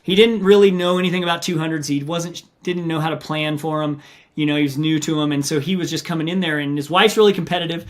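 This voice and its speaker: A middle-aged man with a voice on the high side talks fast. He's an ultramarathon runner and coach in a podcast interview, animatedly telling stories and acting out what people said.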